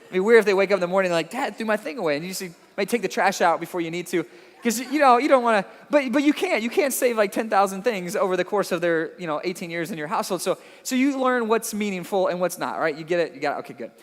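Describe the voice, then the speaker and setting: High-voiced man preaching in a hall. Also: fast talker. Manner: animated storytelling, self-deprecating, repeats words. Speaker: pastor. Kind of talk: sermon.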